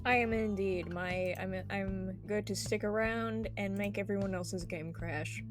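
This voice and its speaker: A woman's voice: mid-range voice, steady tone, unhurried. A woman playing in a game stream, chatting casually in a dry, sarcastic way. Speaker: player. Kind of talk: casual chat. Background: game music.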